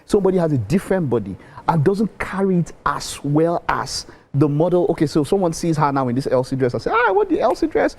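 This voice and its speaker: A man hosting a TV interview, speaking haltingly with many restarts and sounding enthusiastic. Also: fairly high pitch, lively intonation, a little mellow. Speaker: TV host.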